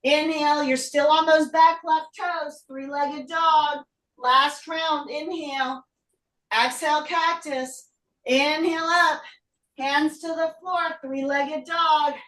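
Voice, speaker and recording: Yoga teacher lady on a video call, high voice, out of breath, kinda far from the mic. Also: steady tone, slow pace, a bit bright. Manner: short breathing and pose cues, talks while moving. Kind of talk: live online yoga class cues. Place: home room. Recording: echoey room, voice from far off.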